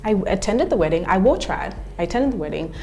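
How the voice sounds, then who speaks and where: A woman's voice: mid-range voice, fast. A woman with a British London accent, a TV host and actress chatting frankly as a guest. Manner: frank, animated storyteller. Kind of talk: casual chat.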